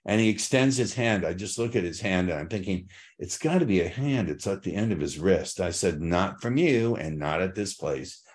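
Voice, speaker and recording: A man's voice: deep voice, animated, normal speed, few pauses, darkish tone. A man hosting a podcast, chatting casually with his guest and laughing easily. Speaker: podcast host. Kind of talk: casual interview chat.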